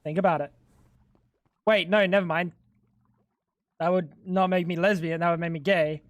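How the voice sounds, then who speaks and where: A man's voice: high-pitched, steady tone, moderate pace, no room sound. A man, chatting crudely and rambling as he jokes with his livestream chat. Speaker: streamer. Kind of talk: casual gaming livestream chat.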